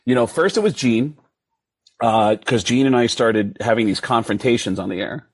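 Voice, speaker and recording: A man, a comedian, telling stories in an animated way and jumping high when he quotes himself. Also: normal speed, slightly rough, no room sound. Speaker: guest comedian. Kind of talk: casual storytelling.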